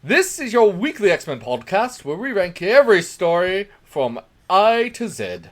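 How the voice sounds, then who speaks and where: A man's voice: high-pitched, very animated, unhurried, voice pushed up, full character voice. A man putting on an over-the-top mock British accent to open a podcast, sliding toward Cockney. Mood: jaunty. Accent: mock British, drifting toward Cockney. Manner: loud, theatrical greeting. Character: hammy fake-British male podcast host.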